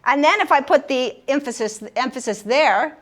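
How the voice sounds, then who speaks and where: A woman leading a group word game class, upbeat and encouraging, slowing down to stress syllables. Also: sits high. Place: room with a live group.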